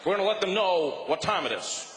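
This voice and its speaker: A man's voice: high voice, lively intonation, brisk, a bit bright. A comedian playing a cautious male world leader who hesitates and fills his speech with "uh", recorded in an echoey live hall. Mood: boastful. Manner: hesitant, full of "uh" fillers.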